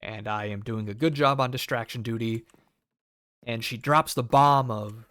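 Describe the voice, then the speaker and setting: In a dry, clean studio recording, a young adult American cable tech spins a work anecdote, swearing freely, dripping with sarcasm, and imitating the characters he quotes. His pitch is medium and his pace moderate, with a fairly bright, clear, resonant tone.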